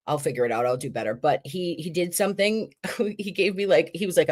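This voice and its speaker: Woman, 40s, livestream host, lower pitch, swooping and expressive delivery. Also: moderate pace. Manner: animated, chatty, acts out quotes. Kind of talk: casual livestream chat.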